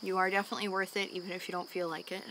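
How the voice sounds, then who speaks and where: A young woman in a candid home vlog, talking earnestly and openly, sighing often as she calms down after a panic attack. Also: fairly low pitch, racing, noisy background. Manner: earnest and open, with frequent sighs and fillers. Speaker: vlogger. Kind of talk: candid personal talk to camera. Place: at home in the evening.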